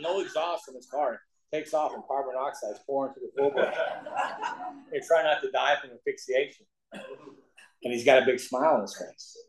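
In an echoey meeting room, a middle-aged man from the Ozark Mountains in the USA shares his recovery story with the group, cracking jokes and laughing at his own lines. He speaks in a mid-range voice that's a little mellow.

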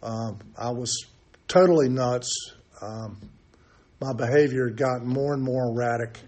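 A man's voice: mid-range voice, a little slow, a little mellow. Candid older man telling his story. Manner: candid, self-mocking, loose storytelling with frequent fillers. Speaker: recovery meeting speaker. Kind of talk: personal recovery testimony.

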